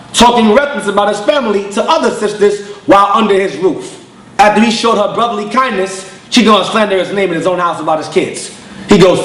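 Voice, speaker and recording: A man's voice: sits high, a bit bright, roomy sound, poor audio. A man, an elder of his congregation, preaching bluntly in street slang and telling stories with acted-out voices. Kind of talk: preaching lecture with storytelling.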